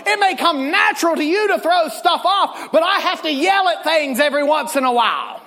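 Animated preacher man in a reverberant hall. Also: extremely high pitch, normal speed, a faint crowd. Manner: animated storytelling, bursts into loud shouts. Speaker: pastor. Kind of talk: sermon.

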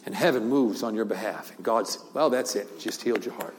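A man's voice: lowish voice, a little fast. Older guy preaching, laughing a lot as he tells his story, long hall echo. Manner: lively storyteller, laughs often, repeats words. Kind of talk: sermon with storytelling. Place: large church hall.

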